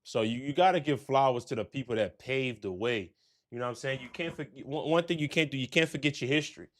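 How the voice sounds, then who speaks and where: A man's voice: mid-range voice, fast. A man hosting a casual streamed interview, loose and slangy, laughing along with his guest. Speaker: host.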